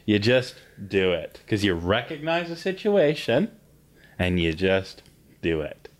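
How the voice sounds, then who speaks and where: A man's voice: lowish voice, very animated, measured pace. A young Canadian man co-hosting a podcast, chatting casually, swearing a lot as he rants and laughs. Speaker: podcast co-host. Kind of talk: casual chat.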